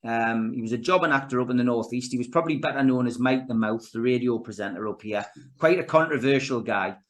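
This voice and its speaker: A middle-aged man chats as a podcast guest, spinning stories with lots of stops and restarts. His voice sits at a middle pitch for a man. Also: quick pace. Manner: animated storyteller with many restarts and fillers. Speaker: guest, actor and filmmaker. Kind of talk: casual interview chat.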